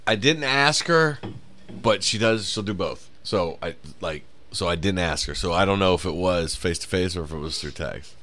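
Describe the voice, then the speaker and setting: Male podcast co-host, bright and animated, crude comedic storyteller. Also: sits low, moderate pace. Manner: animated storyteller, swears a lot, acts out quotes. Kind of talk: casual comedic chat.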